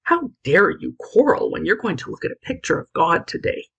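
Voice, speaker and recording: A woman's voice: lowish voice, sing-song, moderate pace, creaky, a bit bright, husky, lo-fi sound, heavily acted. A woman reading aloud, voicing an earnest, pious young girl in a storybook. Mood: distressed. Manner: earnest, distressed.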